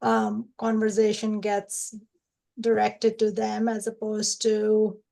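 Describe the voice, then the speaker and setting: A woman's voice: medium pitch, monotone, takes it slowly, gravelly, dark tone, rough recording. A woman on a discussion panel, speaking thoughtfully with frequent hesitations.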